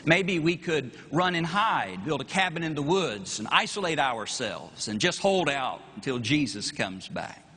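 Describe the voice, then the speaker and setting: Preaching in a chapel with long hall reverb, this middle-aged Texan pastor has a slightly high, pushed, bright, and husky voice with big pitch swings. He speaks at a measured pace with few pauses, rhetorical and emphatic, rising and falling for effect.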